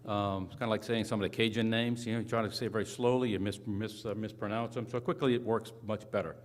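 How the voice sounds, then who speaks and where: A lower-voiced man moderates a conference session and introduces the next speakers. He fumbles over names and jokes at his own expense, apologizing often. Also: steady tone, fast talker. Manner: apologetic, self-deprecating, fumbling.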